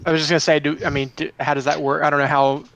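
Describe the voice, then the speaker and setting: Gamer guy, monotone-ish voice, lots of uh and um while explaining stuff. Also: a little high, creaky, poor audio. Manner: halting, filler-laden. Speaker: player. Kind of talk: describing his character's actions.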